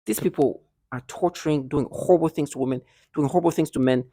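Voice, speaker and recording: A man's voice: a little high, fast, warm tone, no echo, clean studio sound. A man talking agitatedly to the camera in a rambling monologue, full of restarts and bitter laughs, sometimes dropping to a near whisper. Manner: drops to a near whisper at times. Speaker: vlogger.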